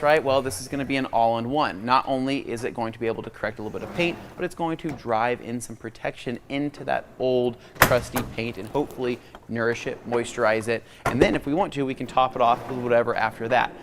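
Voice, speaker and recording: A man's voice: mid-range voice, fast talker, hardly any pauses, background noise. A man hosting a live product demonstration, talking casually and playfully and often checking in with "right?". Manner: playful, keeps asking "right?". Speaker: host. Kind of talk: casual live demo chat.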